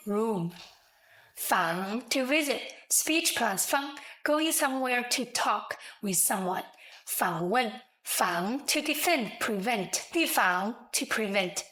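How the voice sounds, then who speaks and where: A woman narrating a scripted language lesson, explaining slowly, clearly and deliberately. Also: on the high side, a bit bright, rough recording. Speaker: language teacher.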